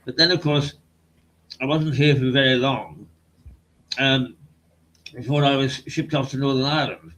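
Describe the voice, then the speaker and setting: A man's voice: mid-range voice, moderate pace, long pauses, a bit bright, slight background noise, low-quality recording. An older man from the English Midlands, hosting an online talk show and telling rambling, hesitant stories of his broadcasting days. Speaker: host and veteran broadcaster. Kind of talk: conversational interview. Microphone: video call.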